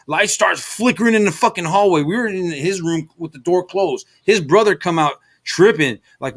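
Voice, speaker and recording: A man's voice: high-pitched, lively intonation, normal speed, few pauses, a bit bright. A middle-aged man from the Los Angeles area telling a long story in casual chat, rambling and profane, with lots of fillers. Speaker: stream host.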